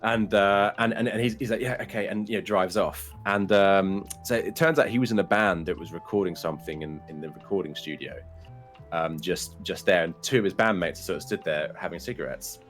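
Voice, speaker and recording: Low-voiced man telling a story. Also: a little fast, a bit bright, faint music behind. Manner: swears freely, laughs through his own story. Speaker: guest, streamer. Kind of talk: casual anecdote telling.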